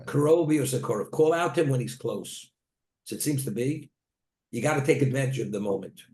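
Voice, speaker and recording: A man's voice: mid-range voice, animated, a little fast, darkish tone. A man, a rabbi, teaching a Torah class, telling stories and weaving in Hebrew terms. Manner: storytelling, Hebrew terms woven into plain talk. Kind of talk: Torah lecture. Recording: echoey room.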